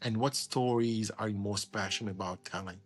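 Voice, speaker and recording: A man hosting an interview, soft-spoken and supportive, often giving short agreements. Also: fairly low pitch, fairly even intonation, normal speed, faint music behind. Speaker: interview host. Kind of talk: casual interview conversation.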